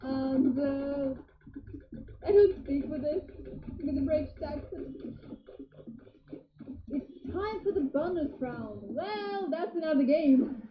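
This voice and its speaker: A woman's voice: high voice, expressive, slow, long pauses, slight background noise. A woman hosting a live game show, announcing results upbeat and greeting players by name. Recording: roomy, dull studio sound with music. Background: music.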